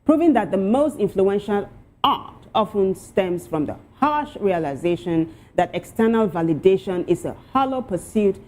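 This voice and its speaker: A woman hosting a talk show, reading out social media posts with lively asides. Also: mid-range voice, moderate pace.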